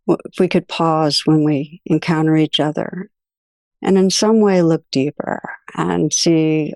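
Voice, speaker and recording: A woman giving a reflective meditation teaching talk, telling stories gently with soft, unhurried pauses. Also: low voice, steady tone, vocal fry, no echo, studio quality.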